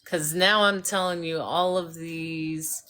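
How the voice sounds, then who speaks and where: A woman hosting a casual live stream, telling a lively story and acting out the voices of the people in it. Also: sits low, slow. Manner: animated storyteller who acts out voices. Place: home by a fireplace.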